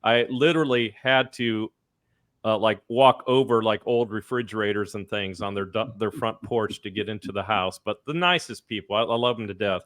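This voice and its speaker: A man's voice: on the low side, normal speed, a bit bright, no echo, studio quality. A man hosting a podcast, telling a story in a rambling, chatty way. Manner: rambling, chatty, many fillers and restarts. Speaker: podcast host. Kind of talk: casual storytelling.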